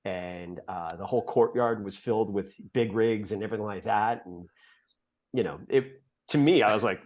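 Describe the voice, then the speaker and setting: A man guest on a podcast telling a rambling story in a casual way, full of "uh"s and quick laughs. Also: lowish voice, darkish tone, muffled recording. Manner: rambling, filler-heavy, laughs often mid-story.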